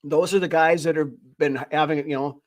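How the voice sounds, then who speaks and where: A man's voice: on the high side, steady tone, normal speed. A man hosting a casual sports chat, thinking aloud in a rambling way as he goes. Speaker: podcast host.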